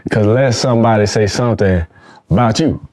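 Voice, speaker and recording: Male guest actor, lowish voice, relaxed reflective drawl, easy slang. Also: fairly quick. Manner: laid-back, reflective, slangy. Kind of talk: casual chat.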